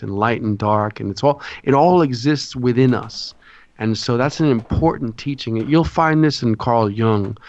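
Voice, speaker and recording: A man explains ideas to his podcast hosts in a patient, lecturing way and keeps checking that they follow. His voice sits at a middle pitch. The sound is dull and lo-fi, with no room echo. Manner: lecturing, often checks in with "okay?". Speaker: guest. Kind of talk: explaining esoteric symbolism in a podcast interview.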